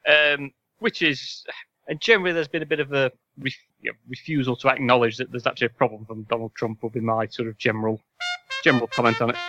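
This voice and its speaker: A man's voice: mid-range voice, steady tone, fast talker, sharp tone, muffled recording, soft background music. A man hosting a casual podcast quiz, reading questions with wry, sarcastic asides. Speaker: podcast host and quizmaster.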